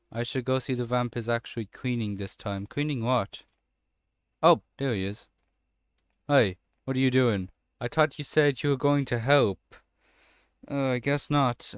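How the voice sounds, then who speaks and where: A man's voice: mid-range voice, clean tone, no room sound, clean studio sound. Sarcastic man doing game commentary. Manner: sarcastic, swears casually, chats to game characters. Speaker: gamer playing a horror game. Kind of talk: let's play commentary.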